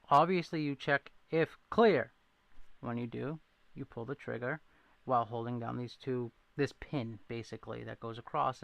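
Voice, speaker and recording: A man's voice: mid-range voice, creaky, a bit bright, no room sound. A man hosting a casual livestream, chatting with viewers and telling rambling stories with frequent laughs. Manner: rambling storyteller, laughs often; says he needs his glasses to read chat. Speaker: livestream host. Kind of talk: casual livestream chat reading comments.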